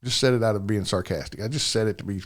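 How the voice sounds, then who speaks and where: A man's voice: on the low side, fast talker. An older man, a podcast guest telling a personal story in plain, rambling speech, often asking "you know what I'm saying".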